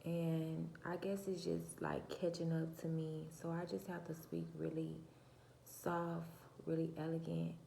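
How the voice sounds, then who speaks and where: A soft-spoken woman talking to her viewers in a casual, preachy monologue full of rhetorical questions. Her voice is low and cracking. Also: little pitch movement, measured pace, creaky, echoey room, a little hiss or hum. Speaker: channel host. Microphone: phone or camera mic, her own mic uncharged.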